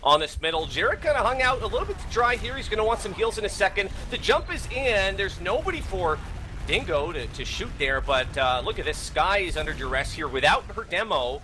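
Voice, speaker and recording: A man casting a competitive video game match with quick, jokey play-by-play and teasing asides. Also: high-pitched, sing-song, noisy background. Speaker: esports caster. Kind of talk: play-by-play commentary.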